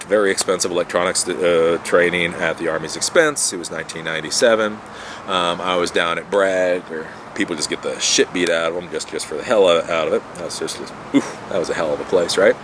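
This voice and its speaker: A man's voice: sits low, noisy background. A man telling a personal story in a casual, rambling monologue, repeating words and swearing when annoyed. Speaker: vlogger telling his life story.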